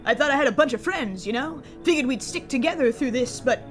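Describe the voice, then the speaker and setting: A woman's voice: sits high, animated, a little fast, soft background music. Woman reading a weary homeless young guy. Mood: rueful. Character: lonely young man kicked out by friends.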